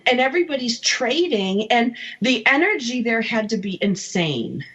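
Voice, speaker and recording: A woman's voice: fairly high pitch, big pitch swings, normal speed, hardly any pauses, a bit bright, husky. A woman hosting a talk radio show, introducing her guest and co-host in a chatty, upbeat way. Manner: chatty, upbeat, apologetic laughter. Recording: dull lo-fi radio audio.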